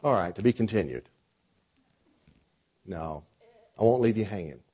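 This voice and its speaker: A man preaching a sermon with a conversational style, dropping to quiet lines and rising to loud, drawn-out phrases. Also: on the low side, lively intonation, slightly rough, dull audio. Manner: preacher with a dynamic delivery, swinging between soft and loud. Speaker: pastor.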